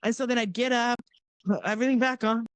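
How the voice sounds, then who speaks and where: A woman's voice: fast talker, no room sound. A middle-aged woman from Southern California, a podcast guest casually telling a long personal story and acting out the voices of the people in it. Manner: animated, acts out quoted voices with big pitch jumps.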